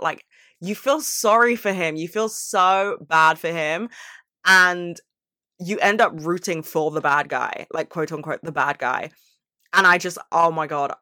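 A woman's voice: lowish voice, bright, forceful tone, dry recording, clean studio sound. A young woman vlogging in a casual, chatty way, swearing freely and gushing about what she loves. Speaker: book vlogger. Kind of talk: casual chat.

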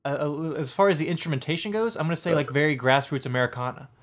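A man's voice: fairly high pitch, fast talker. A man co-hosting a casual music review chat, talking in a rambling way with many fillers and restarts. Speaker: podcast co-host reviewing an album.

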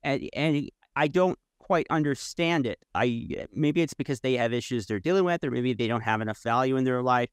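A man's voice: medium pitch, normal speed, few pauses, smooth, no room sound, clean studio sound. A man hosting an interview, musing casually in a reflective way. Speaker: host.

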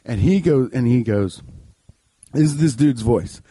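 A young man tells a comic story in a husky, mellow voice. His pitch swings a lot as he rambles and swears. The sound is dry and close, with no room echo. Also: a little slow. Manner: profane, animated, loose and rambling. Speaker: comedian.

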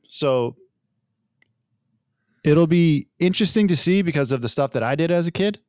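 This podcast guest, a father in his thirties with small children, talks in a fairly high voice at a measured pace. Relaxed and conversational, he recounts family anecdotes and acts out others' dialogue, with a dry, studio-quality recording.

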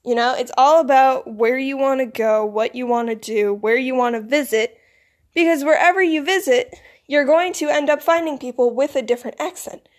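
A woman's voice: sits high, moderate pace. A teenage girl rambling casually to camera, with plenty of "like" and "you know". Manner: filler-heavy, rambling, lots of "like". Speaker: vlogger.

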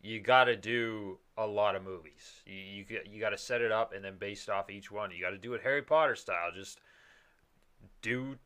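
A man in casual conversation with a bright, forceful voice that sits a little low. He rambles, restarts his sentences often and swears now and then. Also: normal speed. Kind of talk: casual chat.

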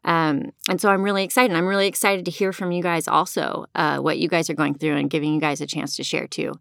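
A woman's voice: low voice, flat delivery, fast, creaky, fairly bright tone, no room sound. A mother co-hosting a casual podcast, earnest and self-deprecating, often breaking into giggles. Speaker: podcast co-host.

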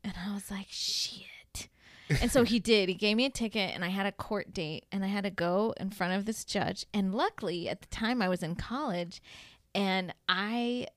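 A woman's voice: medium pitch, normal speed, dry recording, clean studio sound. A woman hosting a casual chat, wry and teasing, laughing often as she tells her own anecdote.

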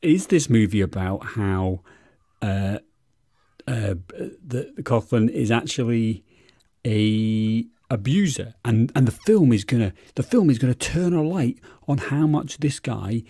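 A man co-hosting a casual comedic podcast about a movie, rambling and animated, swearing freely. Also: medium pitch, a little slow, no room sound, clean studio sound. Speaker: podcast co-host.

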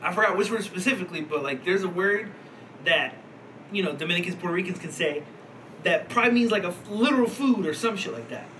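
A man co-hosting a laid-back podcast, his voice high and bright as he rambles through a point, laughing and cursing along the way. A faint noise sits under the recording. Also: expressive, fast talker, poor audio. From Philadelphia. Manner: rambling, laughs often, swears casually. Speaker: podcast co-host. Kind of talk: casual chat.

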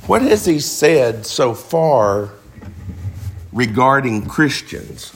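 A man's voice: mid-range voice, lively intonation, slow pace, vocal fry, breathy edge. A man preaching a sermon, emphatic, firing rhetorical questions at the congregation.

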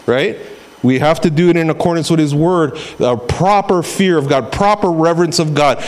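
A man's voice: on the high side, lively intonation, normal speed. A middle-aged man preaching a sermon in a conversational way, acting out quotes as he goes. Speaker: pastor.

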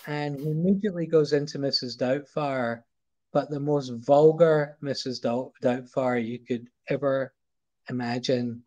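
A middle-aged man with a Scottish accent tells a long anecdote in a loose, chatty way. He stumbles, repeats words and circles back as he goes, at a medium pitch. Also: steady tone, measured pace, warm tone, muffled recording. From Scotland. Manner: rambling, repeats words and restarts often. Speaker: guest, photographer. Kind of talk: casual anecdote storytelling.

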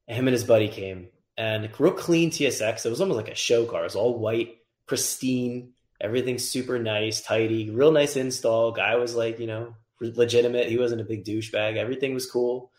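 A man's voice: mid-range voice, fairly quick, hardly any pauses. A man who tunes cars, telling a story in a casual chat, swearing freely and acting out the voices of the people in it. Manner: animated, swears freely, acts out voices in stories. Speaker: guest, car tuner. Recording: roomy echo.

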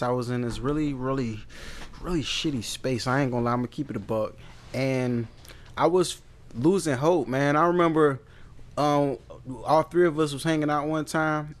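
A man co-hosting a podcast, telling a candid personal story in casual, slangy talk with frequent restarts. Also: medium pitch. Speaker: podcast co-host.

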